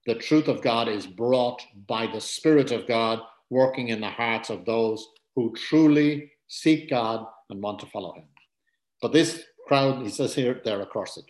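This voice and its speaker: A man preaching through a passage of scripture with earnest conviction. He talks in a conversational way, repeats his main points for emphasis and throws in asides. His voice sits at an ordinary middle pitch and rings in a roomy, echoing space. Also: unhurried, a little mellow. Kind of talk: Bible teaching sermon. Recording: roomy echo.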